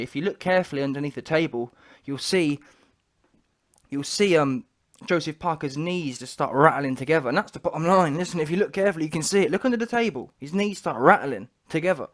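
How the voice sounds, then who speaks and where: Man, boxing reaction commentary, higher pitch, opinionated, slangy, many restarts. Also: fast talker. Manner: opinionated, trash-talking, lots of restarts.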